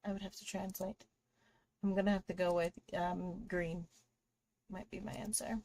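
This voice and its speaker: A woman's voice: mid-range voice, fairly even intonation, moderate pace, mellow. A woman hosting a live drawing stream, chatting casually with viewers and greeting them while she draws. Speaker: livestream artist host.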